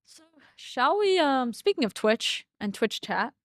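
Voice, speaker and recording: A woman's voice: sits high, big pitch swings, a little slow, fairly bright tone, dry recording, clean studio sound. A young woman co-hosting a livestream, telling stories in a chatty way and laughing often. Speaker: livestream co-host. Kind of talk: casual livestream chat.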